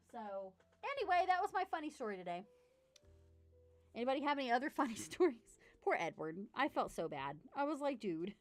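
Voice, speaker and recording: A woman, chatting casually while unboxing model horses, telling stories and getting loud and excited. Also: a little high, a little fast, no room sound, faint music behind. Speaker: model horse collector vlogger.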